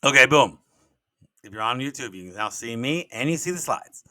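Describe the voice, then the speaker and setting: Older male podcast host, bright and forceful, folksy and rambling, dry close sound. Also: mid-range voice, lively intonation, fairly quick, no echo. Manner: rambling, folksy, repeats words when restarting. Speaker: podcast host and business coach. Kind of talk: casual solo podcast storytelling.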